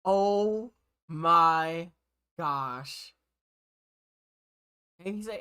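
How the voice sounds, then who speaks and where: Man, streamer host, loud off-mic reactions, incredulous. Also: on the high side, slow pace, pauses often, clear, resonant tone. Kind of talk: live reaction commentary.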